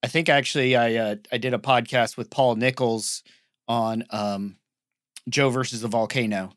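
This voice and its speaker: A man talking as a guest on a casual podcast, rambling with many pauses and restarts. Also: medium pitch, fairly even intonation, a bit bright, clear, resonant tone, dry recording, clean studio sound.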